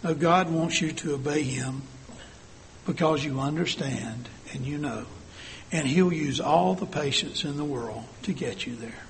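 A man's voice: on the high side, measured pace, slight background noise. An older man delivering an earnest sermon, asking the congregation many rhetorical questions. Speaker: church speaker.

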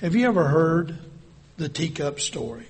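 A man slowly telling a parable, deliberate and dropping soft at the ends of lines. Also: a little high, very animated, slightly rough. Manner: slow, deliberate, drops soft at line ends. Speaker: storyteller. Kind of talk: spoken parable storytelling.

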